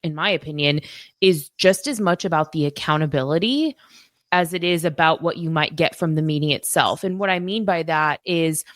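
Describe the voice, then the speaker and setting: A woman with a lowish voice, recorded dry and close. She gives thoughtful, advisory answers as a planner on a casual chat show. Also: moderate pace, dry recording.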